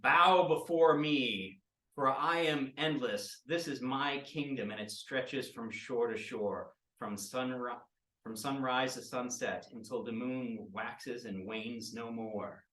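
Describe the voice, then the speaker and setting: Plague, a man doing a booming evil sorceress. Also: takes it slowly, sharp tone. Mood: grandiose. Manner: pompous, declaiming. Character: grandiose evil sorceress villain, woman, theatrical. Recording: roomy sound from a distant mic.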